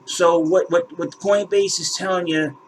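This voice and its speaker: A man with a voice a touch higher than most talks with heated exasperation, tripping over repeated words and swearing as he walks through figures on screen. A faint noise sits under the recording. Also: fairly even intonation, measured pace, rough recording. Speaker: crypto channel host. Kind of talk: ranting screen walkthrough.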